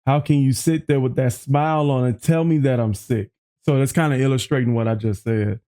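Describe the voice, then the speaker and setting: A man hosting a music reaction video, chatting excitedly, often restarting his sentences and quoting lyrics back. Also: mid-range voice, a little fast. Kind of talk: casual reaction commentary.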